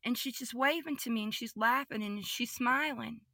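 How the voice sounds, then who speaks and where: Bright-voiced woman telling an emotional story. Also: on the high side, moderate pace, dry recording, clean studio sound. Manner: vivid, repetitive retelling, swings between hushed and excited. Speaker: guest giving a testimony.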